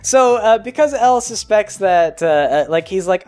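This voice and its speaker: Rambling man with a high voice. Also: animated, measured pace, a little mellow, soft background music. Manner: rambling, jokey, many fillers. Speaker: vlogger. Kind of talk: comedic movie recap.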